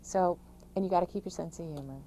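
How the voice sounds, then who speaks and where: A middle-aged woman, an author, giving emphatic, rapid-fire caregiving advice in an interview, with frequent restarts. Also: lowish voice, mellow, slight background noise, low-quality recording. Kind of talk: interview answers.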